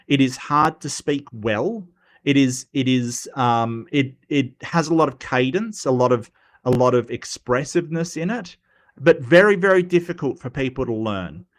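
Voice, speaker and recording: A man's voice: mid-range voice, normal speed. A man hosting a live stream, reading viewer comments aloud and answering them off the cuff in a casual chat.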